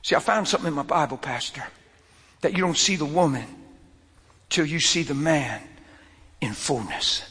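A male preacher tells his story with a lot of energy, his voice swinging from bright outbursts down to hushed near whispers. His tone is husky and fairly high. Long reverb from a large hall trails behind every line. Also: normal speed, long pauses. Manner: animated, swings from loud to whispered. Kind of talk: sermon with a personal story.

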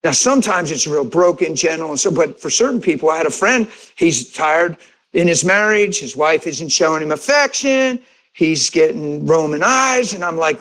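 A fairly high-voiced man preaches as a pastor, telling a personal story to his congregation. He talks directly and conversationally, acting out the dialogue and often breaking into laughter. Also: moderate pace, rough recording. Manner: animated, re-enacts conversations with rising pitch and bursts of laughter. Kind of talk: sermon storytelling.

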